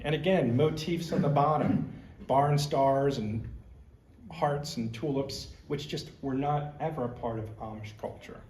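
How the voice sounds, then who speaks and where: A man's voice: medium pitch, darkish tone, reverberant, slight background noise. A man giving a conversational history lecture as a museum curator, explaining with slides and personal asides.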